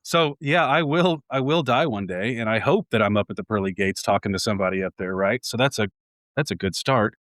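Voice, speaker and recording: A man's voice: lowish voice, fairly quick, fairly bright tone, no room sound, studio quality. A man in his forties, a home builder guest, talking casually and reflectively in a podcast conversation, with frequent restarts. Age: 40s.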